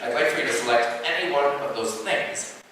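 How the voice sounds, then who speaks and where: A man's voice: medium pitch, fairly quick, very noisy. A man from Colorado working as a stage mentalist, giving live stage patter with wry jokes to the audience. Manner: wry, joking asides to the audience. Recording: echoey hall from far off.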